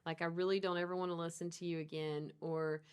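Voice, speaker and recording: A woman's voice: lowish voice, little pitch movement, quick pace, smooth. Giggly woman co-hosting a chat show. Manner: playful, giggly, teasing. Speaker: talk show co-host. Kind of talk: casual chat.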